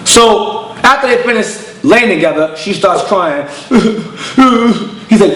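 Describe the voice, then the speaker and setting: Blunt high-voiced preaching man. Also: lively intonation, takes it slowly, a bit bright, roomy sound, rough recording. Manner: blunt, emphatic, street slang, acts out voices in stories. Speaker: congregation elder and teacher. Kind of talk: preaching lecture with storytelling.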